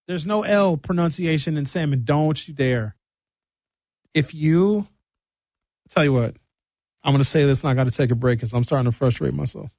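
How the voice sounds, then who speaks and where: High-voiced man ranting on talk radio. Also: moderate pace, long pauses, no room sound, studio quality. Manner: animated rant, mimics callers in higher voices. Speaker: radio talk show host. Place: radio studio.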